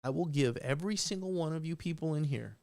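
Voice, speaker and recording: A man's voice: on the high side, fast, gravelly, darkish tone. A man talking live on a stream, rambling and emphatic, swearing often and restarting his sentences. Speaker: livestream host. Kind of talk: unscripted live stream rant.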